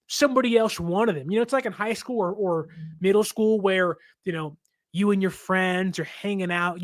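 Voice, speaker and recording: A man's voice: high-pitched, a bit bright, no room sound. A young adult man hosting a sports podcast, talking casually in a chatty way, laughing often and acting out fans' complaints. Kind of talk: casual reaction commentary.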